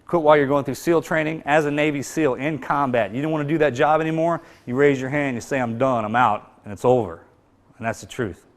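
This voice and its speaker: Male motivational speaker, quick and intense, casual storytelling delivery with punchy emphasis. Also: medium pitch, steady tone. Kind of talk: storytelling speech.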